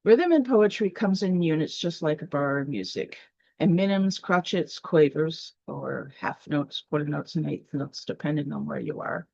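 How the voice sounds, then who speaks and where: A woman's voice: deep voice, moderate pace, creaky, a little mellow, no echo. A woman teaching a poetry class, explaining step by step with fillers and restarts. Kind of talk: online lesson. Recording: dry, dull lo-fi sound.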